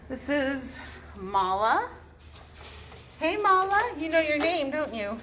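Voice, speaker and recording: A woman's voice: high voice, lively intonation, unhurried, slight background noise. A woman walking through an animal shelter, introducing adoptable dogs and cooing at them in baby talk. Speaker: animal shelter staff giving a walkthrough. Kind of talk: casual walkthrough talking to dogs and viewers. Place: echoey animal shelter kennel with barking dogs. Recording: echoey kennel, loud barking behind.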